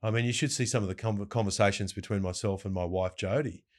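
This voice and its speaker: A middle-aged Australian man, a radio host, telling lively stories in an interview and mimicking the people he quotes. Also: fairly low pitch, fast talker. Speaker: breakfast radio host, guest. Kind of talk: casual storytelling interview.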